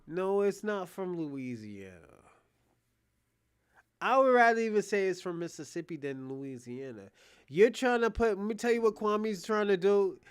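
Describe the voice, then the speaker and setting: A man doing casual live reaction commentary, animated, loose and profane as he talks to his chat. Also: high-pitched, normal speed, smooth. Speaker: streamer reacting to a debate.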